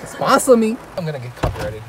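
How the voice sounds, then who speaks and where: A young man vlogging casually while shopping with a friend, animated and joking, laughing often, filmed on a handheld phone camera. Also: fairly high pitch, fast talker. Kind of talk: casual vlog chat. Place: shopping store. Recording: noisy store ambience, traffic.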